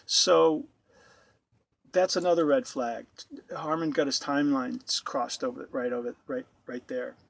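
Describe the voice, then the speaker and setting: A YouTube commentator with a steady, creaky, mid-range voice speaks unhurriedly while reacting to a video at home. His remarks are sarcastic and incredulous, and he often repeats himself.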